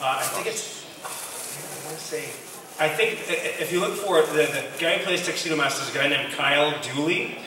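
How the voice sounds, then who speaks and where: A man's voice: fairly high pitch, normal speed, recorded from a distance. Hesitant man answering fans in an echoey hall. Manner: hesitant, many ums and restarts, amused. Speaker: voice actor on a convention panel. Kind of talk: casual answers at a fan Q&A. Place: large convention hall. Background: hall noise.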